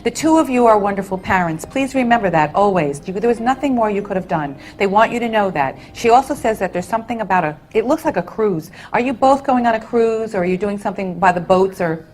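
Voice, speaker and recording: A woman working as a psychic medium, giving readings to an audience in a gentle, consoling way and calling people honey and sweetheart. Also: medium pitch, lively intonation, quick pace, hardly any pauses. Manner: soothing, endearments, relays messages.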